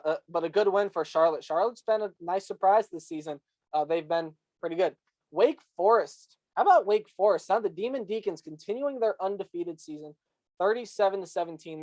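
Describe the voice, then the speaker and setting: A man's voice: a little high, darkish tone, no room sound. A man hosting a casual sports recap, congested, rambling with many ums and likes. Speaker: host.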